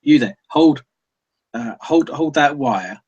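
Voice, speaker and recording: A man voicing a muddled, gruff old lighthouse keeper who rambles distractedly. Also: a little high, lively intonation, takes it slowly, a little mellow, dull audio, voice pushed up, full character voice.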